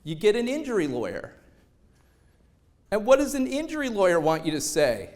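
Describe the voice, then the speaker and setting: A man giving a motivational stage talk, a lively storyteller who acts out quoted lines in other voices. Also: high voice, moderate pace. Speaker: motivational speaker.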